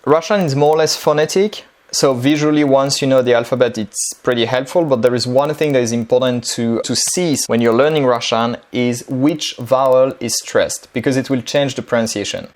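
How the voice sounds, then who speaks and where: A man, giving a relaxed, chatty screen-share tutorial on building a language-learning dialogue. He explains things casually, often pausing on um and uh. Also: mid-range voice. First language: French.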